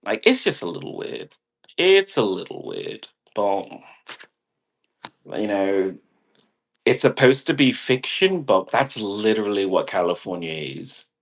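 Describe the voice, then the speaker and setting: Deep-voiced man, slow unhurried delivery, rambling casual monologue, swears, laughs at himself. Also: big pitch swings. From half British. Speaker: vlogger.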